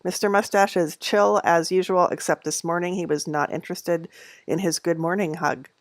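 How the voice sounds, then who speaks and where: A middle-aged woman who hosts a knitting channel chats casually from home on a livestream, rambling with many fillers and little laughs. Her intonation is fairly even and her pace moderate, and she coos at her cats in a high voice. The sound is studio quality with no echo.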